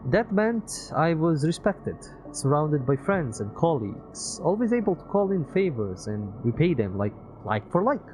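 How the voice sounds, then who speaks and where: A man's voice: a little high, sing-song, a little slow, hardly any pauses, a little mellow, voice pushed up, rough recording. Man voicing grieving former teacher, game character, earnest, raised voice, music behind. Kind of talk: reading game dialogue aloud.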